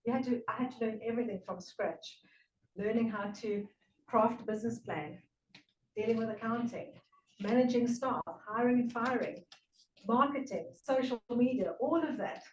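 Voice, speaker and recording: A woman's voice: a little high, slight background noise. Earnest South African woman giving a speech. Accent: South African English with a slight British tinge. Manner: earnest, with emphatic lists and pauses. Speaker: club speaker. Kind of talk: prepared public speech. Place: meeting room. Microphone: room recording from a distance. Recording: echoey room from far off.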